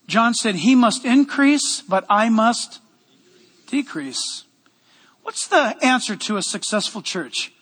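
A man preaching a sermon as pastor, energetic and loud, with joking asides to the congregation, in a church sanctuary. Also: extremely high pitch, long reverb tail.

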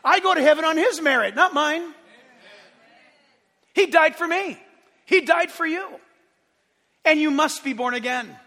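A man's voice: very high-pitched, measured pace, long pauses, pushed and bright, big-room sound. A middle-aged man preaching a sermon as pastor in a church sanctuary, impassioned and emphatic.

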